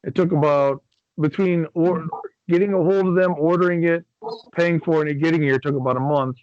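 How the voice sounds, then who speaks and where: A middle-aged podcast co-host from Michigan, USA, speaks with a fairly high pitch, a steady tone, a slightly dark quality, and a little fast pace. In casual chat he tells a long, rambling story, swearing freely and acting out others' words, on a dry, lo-fi recording.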